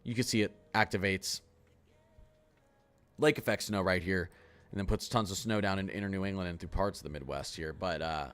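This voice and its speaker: A man giving a casual livestream weather forecast, talking quickly and excitably as he chats through model maps. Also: low-pitched, clear, resonant tone.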